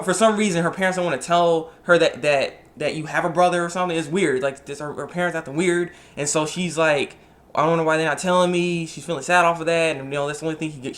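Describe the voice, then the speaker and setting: A man's voice: fairly high pitch, a bit bright. A young man casually reviewing an anime episode, rambling, repeating himself and trailing off often.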